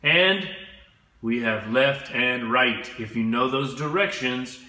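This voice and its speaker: A man teaching English to children, speaking slowly and clearly and having them repeat words after him. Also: mid-range voice, bright, forceful tone, echoey room. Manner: slow, clear, drills words for repetition. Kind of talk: slow classroom instruction.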